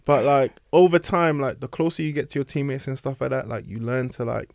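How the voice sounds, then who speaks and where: Lively young man telling stories. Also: mid-range voice, a little fast, creaky, no echo, clean studio sound. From London, England. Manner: animated storyteller, acts out quotes, laughs often. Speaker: podcast guest, basketball player. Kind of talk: casual podcast chat. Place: podcast studio.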